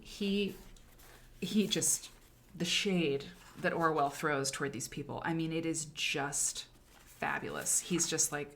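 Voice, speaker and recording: A woman hosting a relaxed livestream chat, with a voice sitting a little on the low side. She talks in an animated, emphatic way and drifts into chatty asides, casual and direct with her viewers. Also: measured pace, vocal fry, a little hiss or hum. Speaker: host. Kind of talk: casual livestream talk on writing.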